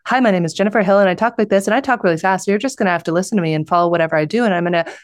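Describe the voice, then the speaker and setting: A woman mimicking her old breathless rapid-fire self. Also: mid-range voice, no echo, clean studio sound, lightly acted. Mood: hurried. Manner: rapid, run-on, breathless delivery.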